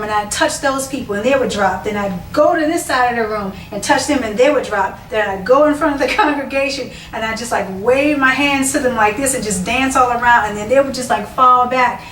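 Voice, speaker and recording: Woman telling her story, kinda high voice, echoey room, mic far off. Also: normal speed, a little hiss or hum. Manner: animated storytelling with excited quoted outbursts. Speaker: dance minister sharing a testimony. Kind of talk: personal testimony to camera.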